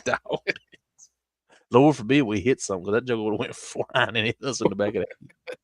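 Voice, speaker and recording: A man's voice: on the low side, fairly quick, no echo, clean studio sound. A man with a Southern US accent telling a long casual story on a stream, rambling with restarts.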